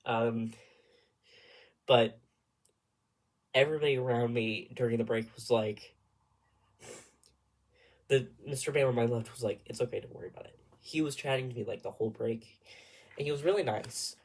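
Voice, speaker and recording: A young man chatting in a casual vlog, telling a long, rambling story with animated asides and sudden dips into whispering. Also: mid-range voice, normal speed, pauses often. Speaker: vlogger.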